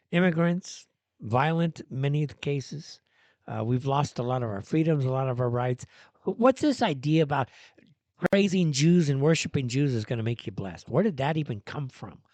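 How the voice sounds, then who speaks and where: A man's voice: mid-range voice, darkish tone, no echo. Ranting male host, dry sound. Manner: ranting, sarcastic, with many fillers and restarts. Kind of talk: solo live-stream commentary.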